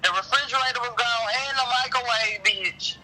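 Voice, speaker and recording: A man's voice: very high-pitched, a little fast, noisy background. A man voicing a brash, gossipy woman caller, swearing through her story. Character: loud gossipy woman caller named Big Baby.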